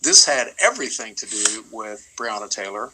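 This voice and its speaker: A man's voice: on the low side, animated, normal speed, bright, forceful tone, slight background noise, rough recording. A middle-aged male attorney speaking emphatically in a livestream interview, often repeating words as he builds his points. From United States.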